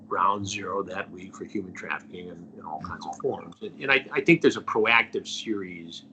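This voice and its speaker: Low voiced middle aged guy telling a story in an interview, earnest, voice fades to a whisper at the ends, slight hiss behind. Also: bright, forceful tone. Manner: earnest, trails off to a near-whisper at phrase ends. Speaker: investigative journalist, guest.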